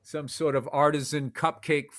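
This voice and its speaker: A man hosting a podcast, telling stories in profane, animated casual chat. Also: on the high side, normal speed. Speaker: podcast host.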